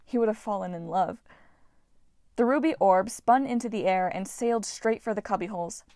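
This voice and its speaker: Woman narrator for a fantasy audiobook, mid pitch, dry close recording, animated reads. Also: normal speed, no room sound. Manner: lively, voices characters with shouts. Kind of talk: audiobook narration with character voices. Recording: dry, low-quality home recording.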